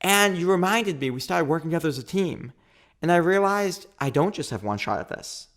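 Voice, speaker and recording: A man in his thirties, a podcast guest, telling a long story in a lively, quick way and acting out what people said. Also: on the high side. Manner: animated, quick storytelling with acted-out quotes. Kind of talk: storytelling in a casual interview.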